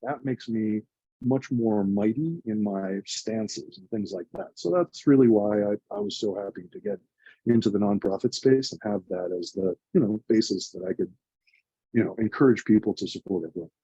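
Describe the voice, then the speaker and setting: A man's voice: fairly low pitch, moderate pace, dark tone, husky, dry recording, muffled recording. A man in his forties, a nonprofit co-founder, telling his story in an earnest, emotional, chatty way. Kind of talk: reflective conversational storytelling.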